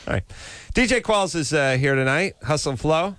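A man's voice: on the high side, big pitch swings, fast, a bit bright, no echo. A man hosting a comedic call-in radio show, ranting animatedly and acting out movie lines.

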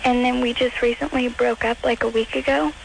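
A teenage girl calling in to a radio show, speaking hesitantly in a high, girlish baby voice with many fillers. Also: flat delivery, a little fast, gravelly, noisy background. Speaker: caller. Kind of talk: phone-in call.

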